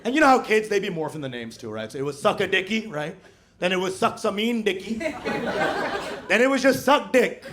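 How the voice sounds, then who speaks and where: A man's voice: sits high, big pitch swings, moderate pace. A man from Texas doing a brash stand-up comedy set, bantering with the crowd. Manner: brash, crowd-work banter, puts on voices for quotes. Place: comedy club stage with audience. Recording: loud audience laughter behind.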